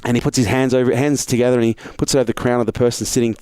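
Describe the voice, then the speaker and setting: A man from Australia, a guest on an interview podcast, telling a story fast and animated, swearing freely. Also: mid-range voice, clean tone, no room sound, studio quality.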